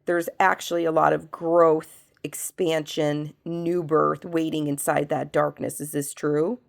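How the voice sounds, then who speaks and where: A woman who has a cold, working as a medium, leads a spiritual pendulum reading and asks slow yes-no questions that she answers herself. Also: deep voice, little pitch movement, vocal fry. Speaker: medium and reiki practitioner.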